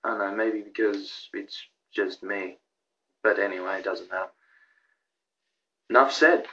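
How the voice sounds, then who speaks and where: A young man rambling excitedly through a countdown of his own videos, with lots of restarts and fillers. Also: fairly low pitch, measured pace, dull audio. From Australia. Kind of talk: casual vlog commentary.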